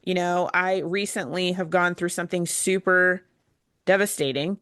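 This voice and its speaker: A woman's voice: fairly low pitch, moderate pace, clean tone, dry recording, clean studio sound. A mother and guest on a talk podcast, chatting casually and acting out her own family moments. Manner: animated storyteller, acts out family talk. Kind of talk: casual chat.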